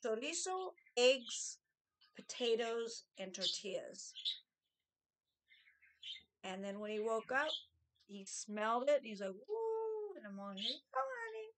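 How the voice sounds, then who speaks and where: A middle-aged woman with a slightly raised voice tells casual stories from her past. She is chatty and animated and slips into a higher tone when she quotes people. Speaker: vlogger telling stories. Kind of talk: casual storytelling.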